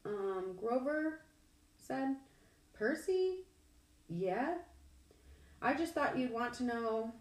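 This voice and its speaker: A jittery young satyr boy with a raised, anxious, halting voice, put on by a woman reading a storybook aloud. He sounds thin and uneasy. The sound rings around an echoey room. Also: fairly high pitch, sing-song, pitched above the performer's own voice, heavily acted. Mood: nervous. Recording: echoey room, distant mic.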